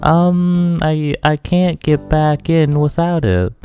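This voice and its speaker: A man's voice: a little high, little pitch movement, slow, mellow, soft background music, pitched above the performer's own voice. Man putting on a timid tearful little girl. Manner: hesitant, tearful, stammering.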